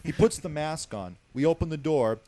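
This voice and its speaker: Guy with a kinda high voice telling gross hospital stories, swears a lot, dry close sound. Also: normal speed, no room sound. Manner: profane, animated storyteller, many fillers like "basically". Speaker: hospital security guard guest. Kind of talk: casual storytelling on a talk show.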